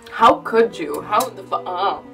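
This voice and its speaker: A woman's voice: medium pitch, expressive, measured pace, creaky, a bit bright. Female vlogger telling a storytime, candid and profane, recorded off-mic over light music. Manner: confessional, swears often. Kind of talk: storytime narration. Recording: distant mic with background music.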